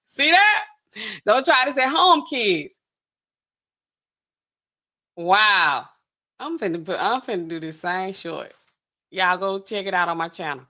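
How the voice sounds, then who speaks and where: A woman's voice: mid-range voice, animated, a little slow, pauses often, bright, forceful tone. A young woman hosting a casual reaction livestream, chatting straight to her viewers and laughing often. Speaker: pharmacist host.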